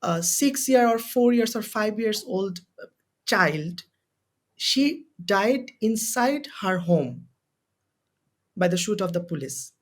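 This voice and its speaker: Pausing often at a slow pace, a young man with a high, expressive voice speaks as a guest on a podcast interview. He's a university student from Bangladesh with a Bangladeshi accent and Bengali as his first language, and he sounds impassioned and emotional, repeating phrases to drive points home.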